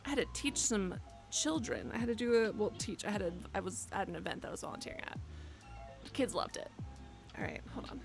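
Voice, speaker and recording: Gravelly-voiced young woman streamer. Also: mid-range voice, lively intonation, brisk, over music. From United States. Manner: rambling, joking, swears a lot. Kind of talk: casual live-stream chat. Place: her bedroom.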